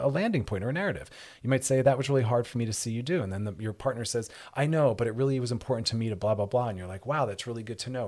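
A man with a lowish voice talks quickly on a radio advice show. He explains relationship issues in an earnest, emphatic way and repeats words to drive his point home. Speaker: radio show host and therapist. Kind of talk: advice talk show monologue.

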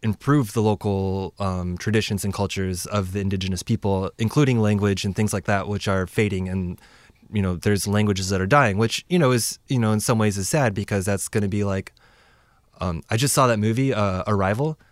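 Speaking briskly in a lowish voice, a man from the United States casually shares travel stories, rambling with many fillers and voicing the dialogue himself. The recording is dry, with clean studio sound.

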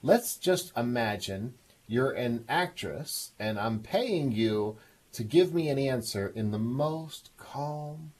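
A man's voice: medium pitch, darkish tone, slightly rough. A man hosting a call-in show on emotional well-being, coaxing a caller with encouragement and frequent laughter. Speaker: radio show host. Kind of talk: call-in counseling talk.

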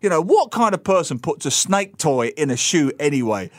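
A man telling jokey, animated stories as a guest in a casual radio studio chat. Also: a little high, moderate pace, no room sound. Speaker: guest commentator.

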